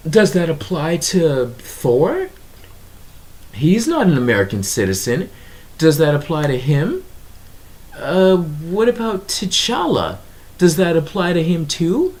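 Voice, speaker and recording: Animated young man reviewing a movie. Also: a little high. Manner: animated, exasperated, filler-heavy with frequent ums. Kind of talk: casual video review monologue.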